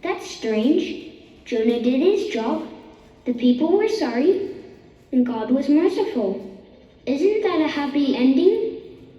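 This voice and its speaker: A woman voicing a curious, chatty little boy who asks questions slowly, from a children's video. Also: high voice, sing-song, dark tone, distant mic, heavily acted. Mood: puzzled. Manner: slow, wide-eyed questioning. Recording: dull echoey video audio with music.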